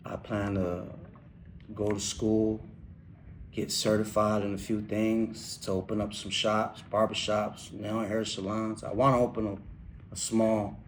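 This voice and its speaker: A young man speaks in a low, flat voice, telling his own hard past in halting phrases. He restarts often and lets his words fall quiet at times. Faint background noise sits under the voice. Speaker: interviewee, incarcerated man. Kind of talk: candid personal testimony.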